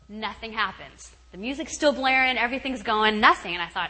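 Lively young woman telling a story. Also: a little high, fairly quick, few pauses. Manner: animated, acts out her own thoughts with shouts and laughs. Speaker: guest speaker at a retreat. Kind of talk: storytelling talk. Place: camp meeting hall. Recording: long hall reverb, faint ambience.

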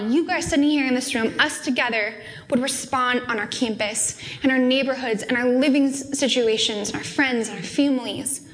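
A young adult woman speaking at a student fellowship, giving an earnest, heartfelt sermon in a casual, conversational way. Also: sits high. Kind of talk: conversational sermon with a personal story.

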